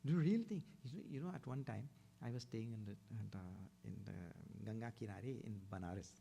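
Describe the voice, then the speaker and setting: A man's voice: fairly quick, creaky, warm tone, slight background noise. A middle-aged man with an Indian accent giving a spiritual discourse, telling stories and acting out other people's voices. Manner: storytelling, acts out other people's voices with big pitch jumps. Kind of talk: sermon.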